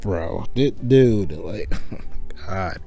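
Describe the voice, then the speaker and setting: A man's voice: low-pitched, lively intonation, very slow, creaky, warm tone, faint music behind. A man giving rambling, mocking commentary in a casual, profane way, breaking off to laugh. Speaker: commentary video host.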